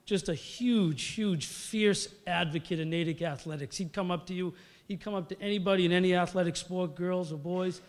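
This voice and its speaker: Middle-aged man, rambling storyteller at a podium, slightly high voice, big hall echo. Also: normal speed. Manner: rambling, storytelling, many fillers. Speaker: hall of fame inductee. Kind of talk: acceptance speech. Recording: long reverb of a large hall.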